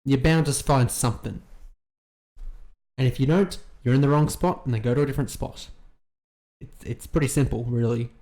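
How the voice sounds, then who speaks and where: A man's voice: mid-range voice, normal speed, long pauses, warm tone. Man, casual reaction commentary, blunt, swears constantly, rambling. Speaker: YouTube reaction host.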